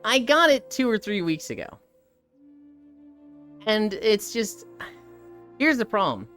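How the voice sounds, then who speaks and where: Speaking slowly in a sing-song, medium-pitched voice with a touch of brightness, this woman streamer chats while walking over soft background music. She's emphatic and opinionated, stacking up points in long lists during a relaxed live stream.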